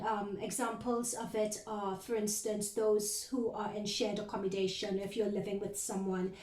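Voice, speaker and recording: A woman's voice: medium pitch, darkish tone. A woman giving a recorded tarot reading to her viewers, talking earnestly and rambling a little as she speaks straight to them as "you guys". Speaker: tarot reader. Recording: roomy echo, voice distant from the mic.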